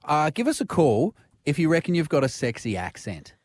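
An Australian man co-hosting a casual radio show, playful and quick to tease. His voice swings lively in pitch. The studio sound is dry and close. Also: no echo. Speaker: radio co-host. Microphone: studio microphone.

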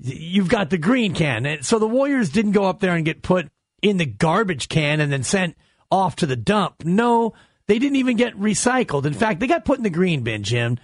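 A man's voice: sits high, sing-song, normal speed, dry recording. A man co-hosting sports talk radio in a studio, playful and spinning out wordplay jokes.

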